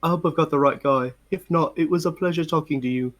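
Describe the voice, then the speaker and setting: A man voicing a big gentle male brute who loves birds, talking softly and earnestly. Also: on the high side, quick pace, pitched above the performer's own voice, lightly acted. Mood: tender. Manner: soft, earnest, sweet.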